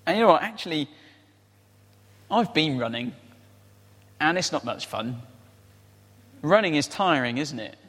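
A man's voice: a little high, sing-song, unhurried, pauses often, fairly bright tone. A man preaching a conversational sermon, often tossing in rhetorical tag questions. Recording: reverberant hall.

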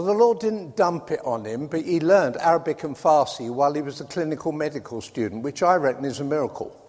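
A man's voice: a little high, a little mellow. A man from Britain preaching a sermon in a conversational way, with wry asides. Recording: reverberant hall.

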